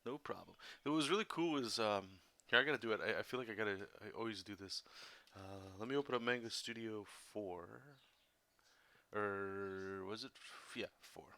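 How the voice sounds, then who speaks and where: A man, a comic artist, chatting casually and somewhat monotonously while he explains drawing steps, rambling with many fillers. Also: fairly low pitch, quick pace, few pauses. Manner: monotone delivery. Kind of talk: casual drawing tutorial chat.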